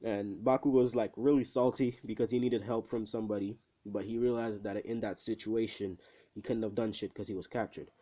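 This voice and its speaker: A man's voice: on the low side, fairly even intonation, fairly quick, mellow, highs cut off. A young man casually retelling a fan what-if story in a rambling, profane way, with lots of fillers. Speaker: channel host.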